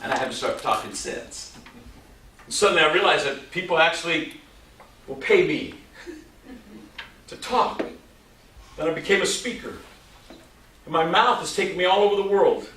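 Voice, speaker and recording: His voice a little high, at a normal pace with frequent pauses, a man in his sixties gives a storytelling keynote to a live audience in a large hall. Animated and full of jokes, the motivational speaker throws rhetorical questions at the crowd; the mic sits far off, picking up echo and faint noise.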